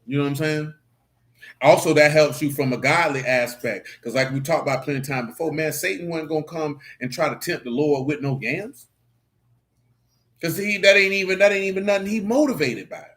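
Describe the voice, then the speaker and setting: A man teaching scripture in a casual stream, joking and swearing in street slang, with sudden animated outbursts. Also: on the high side, a little fast. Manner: animated preaching with rising outbursts. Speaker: Bible teacher.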